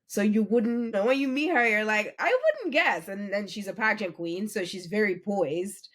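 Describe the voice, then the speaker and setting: A woman co-hosting a podcast, praising a friend with lively, animated emphasis. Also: mid-range voice, normal speed. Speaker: podcast co-host. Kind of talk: heartfelt casual chat.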